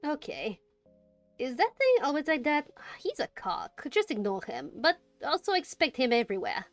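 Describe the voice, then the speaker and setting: A woman's voice: sits high, very animated, normal speed, no room sound, faint music behind. A woman streamer reading an interactive story aloud, with playful joking asides.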